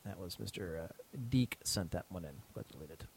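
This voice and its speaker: A man's voice: low voice, lively intonation, moderate pace, gravelly, slightly rough, no room sound. A man hosting a casual podcast chat, rambling and swearing as he reads listener mail and trails off mid-sentence. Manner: rambling, profane, trails off while reading. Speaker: podcast host.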